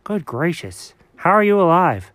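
A man acts out a wired, sugar-crazed tomcat with a high, bouncy voice. He is excitable, rambles, and tosses around "dog" as a nickname. The sound is dry and close. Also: measured pace, no room sound, heavily acted. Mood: rambling. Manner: excitable, calls everyone dog. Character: hyperactive sugar-crazed male cat.

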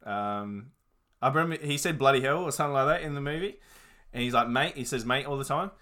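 A young man with a medium-pitched, sharp voice talks fast and animatedly while casually reviewing movies. He's laid-back and rambling, with plenty of fillers and swearing.

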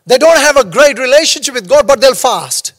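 A man's voice: very high voice, expressive, brisk, in a large hall. A man preaching a sermon as pastor, talking conversationally and joking between stories. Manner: humorous, conversational preaching with storytelling asides.

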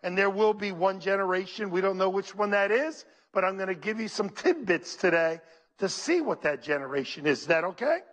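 In this sermon, a man with a high, fairly quick voice preaches as pastor, animated and preacherly. He reads scripture aloud and repeatedly calls out to his congregation.

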